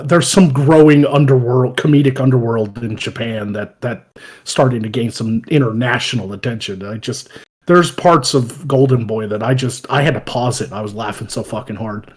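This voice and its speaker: A man hosting a casual podcast chat, swearing freely and laughing loudly as he tells stories. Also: mid-range voice, slightly rough. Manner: profane, animated, laughs loudly while telling stories. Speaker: podcast host.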